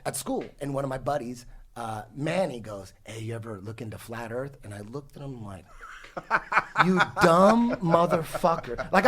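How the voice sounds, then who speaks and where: Here a forties-aged man guesting on a podcast talks in a slightly high, somewhat bright voice. He tells a long tale casually, cursing and rambling, starting over again and again.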